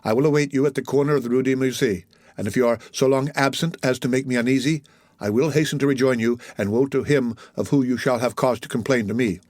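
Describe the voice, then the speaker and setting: A man's voice: medium pitch, steady tone, fast, a little mellow, dry recording, lightly acted. A man reading an audiobook, voicing an earnest, protective young man who speaks firmly and urgently.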